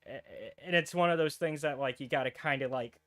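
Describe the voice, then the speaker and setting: A man's voice: fairly high pitch, fairly quick, a bit bright. A man co-hosting a podcast, chatting casually and rambling, with many fillers and restarts. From United States. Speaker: podcast co-host. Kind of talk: casual chat.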